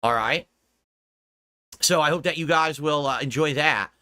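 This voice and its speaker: A man's voice: a little high, a little slow, bright, forceful tone, dry recording, studio quality. An American man streaming to his viewers in rambling casual chat, laughing often and swearing casually. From United States. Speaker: streamer talking to his audience.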